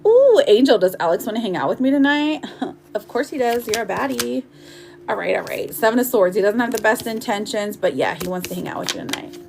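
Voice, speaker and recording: A woman's voice: a little high, expressive, brisk, gravelly, noisy background. A woman giving a live-streamed tarot reading, chatty and affectionate, often giggling as she reads viewer comments aloud. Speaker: tarot reader.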